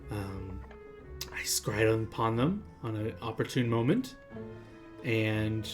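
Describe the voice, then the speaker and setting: Sly flattering tiefling lady scholar, a guy doing her voice, theatrical, stretches her words, faint music behind. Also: lowish voice, slow. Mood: sly, welcoming.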